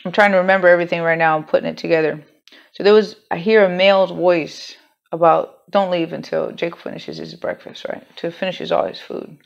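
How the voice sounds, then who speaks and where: A woman's voice: lowish voice, fairly even intonation, brisk, gravelly. A woman telling a personal story in a candid, rambling way, swearing freely and restarting her sentences. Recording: dull lo-fi home recording.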